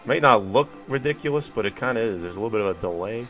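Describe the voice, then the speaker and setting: A man's voice: fairly low pitch, animated, quick pace, fairly bright tone, soft background music. A man streaming a video game, rambling wryly and swearing casually as he chats with viewers. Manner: rambling, profane, wry musing to chat. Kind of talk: casual gameplay commentary.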